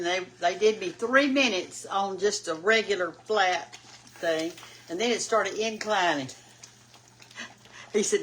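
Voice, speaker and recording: Older Southern woman hosting a home cooking show, folksy and rambling, mid-pitched, faint noise behind. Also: a bit bright. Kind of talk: casual cooking chat. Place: home kitchen.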